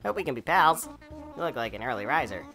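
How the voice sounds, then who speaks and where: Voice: medium pitch, sing-song, quick pace, bright, forceful tone, soft background music. A man voicing a friendly, upbeat male bear villager while reading a video game's dialogue aloud.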